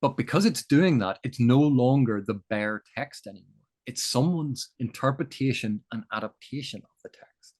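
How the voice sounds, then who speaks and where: A man's voice: mid-range voice, animated, moderate pace, darkish tone. Thoughtful man explaining at length. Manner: thoughtful, lecturing, builds points with examples. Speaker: guest. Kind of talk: explanatory interview chat.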